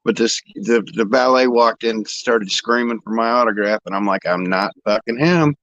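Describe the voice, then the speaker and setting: Here a man from Indianapolis in the American Midwest tells rambling stories in relaxed conversation, swearing occasionally. He has a lowish, fairly bright voice at a moderate pace, captured with no echo in lo-fi sound.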